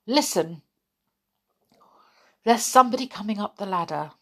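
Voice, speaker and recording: Woman doing Moonface, a brisk storybook man. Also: medium pitch, expressive, fairly bright tone. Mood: gloomy. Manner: brisk, gloomy then cheerful. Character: Moonface, round-faced magical man, practical.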